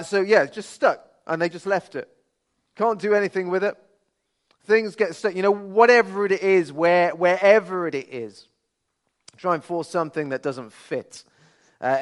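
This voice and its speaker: Brummie man preaching, pitched a bit high. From Birmingham, England. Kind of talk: sermon. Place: church service, streamed online.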